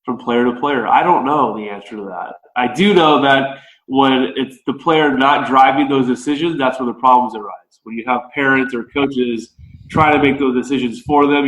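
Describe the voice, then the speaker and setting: An American man, a baseball coach, speaks as a podcast guest in a mid-pitched voice. His speech echoes in a roomy space. He talks in a relaxed, conversational way, thinking his ideas through out loud. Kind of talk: podcast interview.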